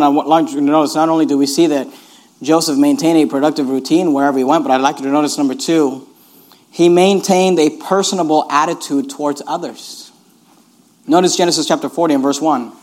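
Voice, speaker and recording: Reading from scripture, a male pastor delivers an animated sermon, repeating himself and urging the congregation to take note of each point. His voice is a little high.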